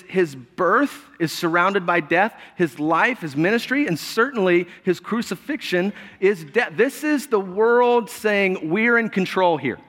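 A man preaching a sermon in a relaxed, conversational way, joking and laughing often as he goes. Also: high-pitched, big-room sound. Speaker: pastor.

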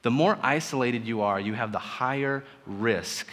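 A man in his thirties preaching in a church, his voice at an ordinary middle pitch. He talks in an easy, joking way and breaks into sudden loud bursts for emphasis. A long reverb from the large room trails every phrase. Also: normal speed. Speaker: pastor. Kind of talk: sermon. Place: church sanctuary.

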